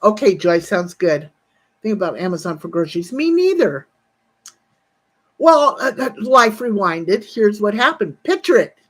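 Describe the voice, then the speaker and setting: A woman's voice: medium pitch, sing-song, measured pace, husky. A woman in her sixties on a casual livestream, telling a rambling, profane story and breaking off to greet viewers in the chat. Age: 60s.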